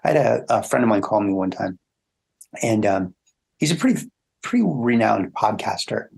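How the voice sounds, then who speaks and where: A man in an interview talks through relationship advice with a gravelly, faintly husky voice. He tells stories with animation and lifts his voice to act out what people think. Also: moderate pace. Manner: animated storyteller, acts out quoted thoughts in a higher voice. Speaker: relationship coach guest. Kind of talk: conversational interview.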